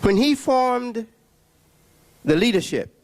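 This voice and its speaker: A man giving a preaching religious lecture, emphatic, with long pauses and repeated words. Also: very high voice, expressive. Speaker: religious speaker.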